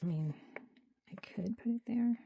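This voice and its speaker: Gravelly-voiced woman chatting over her craft desk. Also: mid-range voice, moderate pace, dull audio, a little hiss or hum. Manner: thinks aloud, chatty, dips to near-whisper. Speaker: journaling creator. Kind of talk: casual crafting narration. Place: home craft desk under lights.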